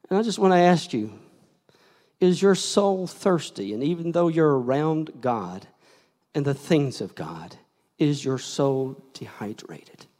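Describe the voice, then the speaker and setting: An older male pastor delivers a sermon in a church, unhurried and deliberate. He swings from hushed near-whispers to loud shouts as he presses toward an altar call. His voice rings with the long reverb of a large sanctuary. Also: a little high.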